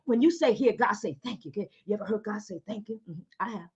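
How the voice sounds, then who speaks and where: On a lo-fi video call thick with background noise, a woman pastor hosting an online talk show preaches fast in a medium-pitched voice. Emphatic and exhorting, she fervently urges her listeners on, breaking into hallelujahs and speaking in tongues.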